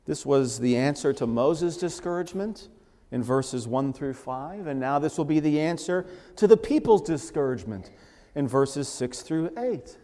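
A man's voice: a little high, dark tone. Man preaching in a reverberant church. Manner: emphatic, swelling on quoted scripture. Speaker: pastor. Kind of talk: sermon. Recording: long hall reverb.

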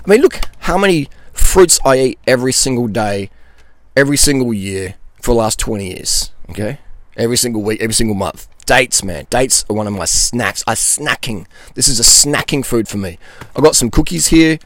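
Blunt, animated middle-aged man. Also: mid-range voice, moderate pace, no room sound. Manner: laughs between points. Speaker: nutrition coach. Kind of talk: answering viewer questions in a monologue.

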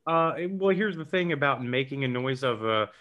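A man's voice: medium pitch, expressive, normal speed, a bit bright, dull audio. A man in an easygoing podcast conversation, full of joking asides. He rambles a bit and riffs freely on whatever comes up. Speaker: podcast co-host. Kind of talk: casual chat.

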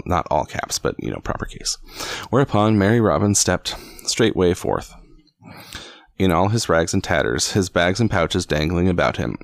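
A man reads an old storybook aloud in a very deep, gravelly voice. He stumbles over words and drops in wry asides. The sound is close and dry. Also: no room sound. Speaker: reader.

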